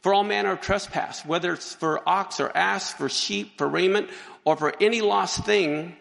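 A man preaching a sermon to his congregation, animated and joking, reading verses and pausing to exclaim. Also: high voice, vocal fry. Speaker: pastor. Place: church sanctuary. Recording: long hall reverb.

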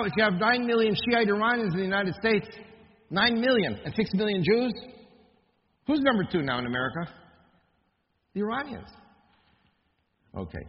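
A man's voice: high-pitched, big-room sound, highs cut off. A man giving an impassioned lecture, firing rhetorical questions at his audience. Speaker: speaker.

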